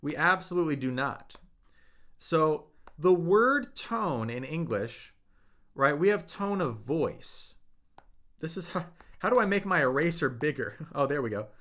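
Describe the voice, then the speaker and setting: A man's voice: on the high side, lively intonation, measured pace, fairly bright tone. Upbeat man teaching a live lesson. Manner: upbeat and encouraging, with frequent fillers and "right?" tags. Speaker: language teacher hosting a live stream. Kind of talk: casual live-stream lesson.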